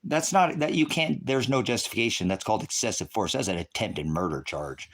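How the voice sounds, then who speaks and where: An angry, distraught man ranting profanely on a livestream, at times shouting. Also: on the low side, animated, a little fast.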